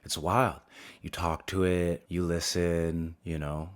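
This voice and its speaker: A man's voice: sits low, little pitch movement, takes it slowly, clean tone. A man in his thirties doing a stand-up monologue, telling his stories in a profane, exasperated way. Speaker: stand-up comedian.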